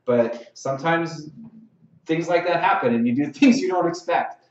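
A lacrosse officials trainer gives a conversational lecture in a room, frequently checking in with "okay?" and acting out sample lines. His voice is on the high side at a normal speed. The mic is distant, so he sounds roomy and set back, and the dull live-stream audio lacks sparkle.

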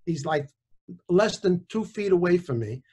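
Brief: man in his sixties, casual animated storyteller, slightly high-pitched speaking voice. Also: measured pace, breathy edge. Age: 60s. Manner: animated, conversational, with small restarts. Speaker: author and chiropractor, guest.

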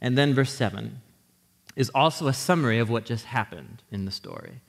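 A man preaching a sermon in a church, teaching in a conversational, animated way and often checking in with his listeners. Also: medium pitch, moderate pace, vocal fry. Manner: animated teaching with frequent restarts. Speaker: pastor. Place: church sanctuary. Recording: long hall reverb.

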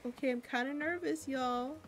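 A young woman streamer chatting excitedly to her viewers while she plays a game. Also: high voice, moderate pace, a little hiss or hum. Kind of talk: casual gaming chat.

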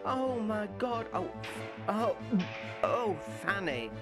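A man's voice: sits high, very animated, measured pace. A man putting on camp, panicky prison staff voices in a homemade parody sketch. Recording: music playing behind the voice.

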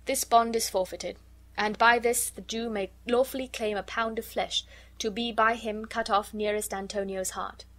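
A woman reading the lines of a young woman posing as a wise counsellor, grave and measured, in a storybook. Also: fairly high pitch, steady tone, fairly bright tone, natural voice.

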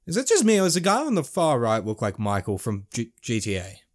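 A man's voice: mid-range voice, huge pitch swings, fairly quick. A man commentating his playthrough of a game, joking, swearing and doing silly voices. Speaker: gaming channel host. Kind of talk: let's play commentary.

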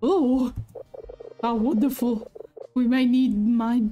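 A woman's voice: on the high side, steady tone, slow pace, muffled recording, faint music behind. A woman voicing a kindly old grandpa bear who runs a mill, chatty and folksy. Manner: folksy, chatty, fond of old-timey phrasing.

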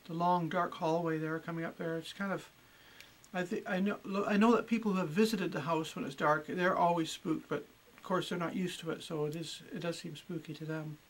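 A middle-aged woman telling stories about her own house in a chatty, unhurried way, with plenty of ums and uhs. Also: fairly low pitch, fairly even intonation, low-quality recording. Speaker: homeowner and guest. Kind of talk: casual storytelling.

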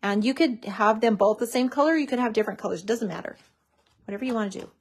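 A woman with a somewhat high voice talks through a craft project in a relaxed, chatty way. She gushes often, calling each piece cute as she glues and folds. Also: fast, slightly rough. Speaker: craft tutorial host. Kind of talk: casual craft demonstration.

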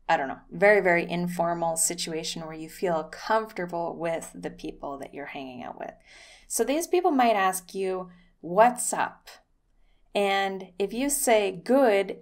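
A young adult woman teaching English in a casual video lesson, chatty and upbeat, acting out short sample dialogues. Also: medium pitch.

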